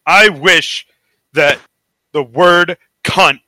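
An American man co-hosting a podcast, chatting casually, swearing often and excitable. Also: a little high, drawn-out words, dry recording. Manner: profane, excitable, laughing often. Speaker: podcast co-host. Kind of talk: casual chat.

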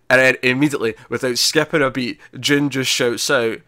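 A man hosting a podcast, retelling a TV episode in casual chat, animated and laughing, with many fillers and restarts. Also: medium pitch, a little fast, hardly any pauses, no echo. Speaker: podcast host reviewing a TV episode.

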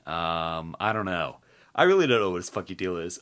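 Man, podcast host, casual chat, rambling, filler-heavy, lowish pitch, bright tone. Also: animated, fairly quick.

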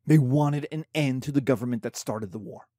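A man teaching a history lesson in a conversational, animated way, often checking in with asides. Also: medium pitch, moderate pace, no echo, clean studio sound. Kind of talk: casual history lecture.

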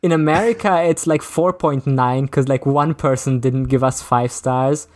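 A podcast co-host chatting casually, rambling with halting restarts. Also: mid-range voice, darkish tone. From lives in Germany. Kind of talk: casual chat.

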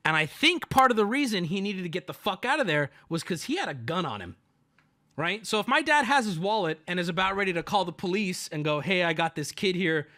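A man's voice: high voice, fairly quick. A man telling a family story on his stream in a casual, profane, joking way. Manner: animated, profane, jokey.

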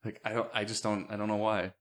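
Low-voiced man, opinionated podcast chatter. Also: little pitch movement, quick pace, a bit bright. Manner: opinionated, rambling with filler words. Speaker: podcast co-host. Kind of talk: casual movie-discussion chat.

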